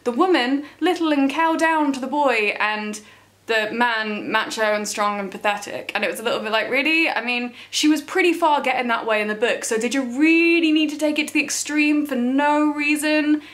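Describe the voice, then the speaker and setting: A young woman with a slightly raised pitch delivers a vlog rant. She sounds exasperated and sarcastic throughout. Her talk is full of incredulous rhetorical questions. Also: fairly quick, fairly bright tone. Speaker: book vlogger. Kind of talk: ranting book-to-film review vlog.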